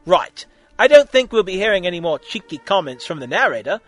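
A man's voice: sits high, very animated, a little fast, dry recording, faint music behind. A man reading a story aloud, voicing a quirky male alien traveler who talks in a chatty, indignant way. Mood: breezy.

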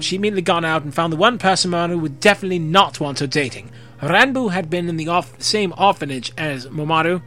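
A man reading fan fiction aloud, expressive, with occasional slips and rereads. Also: a little high. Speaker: narrator.

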